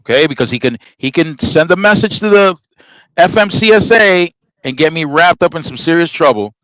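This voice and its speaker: A middle-aged man tells a story in a casual, emphatic way and acts out each exchange. His voice sits a little high for a man. The sound is dry and close, with no room around it. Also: normal speed, no room sound, low-quality recording. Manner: animated storyteller acting out dialogue, emphatic. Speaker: podcast host telling a trucking story.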